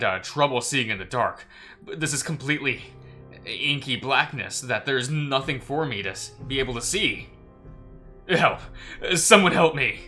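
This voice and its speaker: Casting: low-voiced man with a bright, cutting tone, reads game text aloud with stumbles and "uh"s, soft guitar behind. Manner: halting reading with frequent "uh" fillers and self-corrections. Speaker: gaming YouTuber. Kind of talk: reading a story game aloud in first person.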